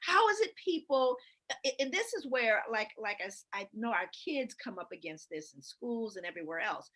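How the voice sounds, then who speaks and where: Animated, husky-voiced woman telling stories. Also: fairly high pitch, moderate pace. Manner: animated storyteller who laughs often; reads aloud emphatically from books. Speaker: speaker and educator. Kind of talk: lively conversational talk.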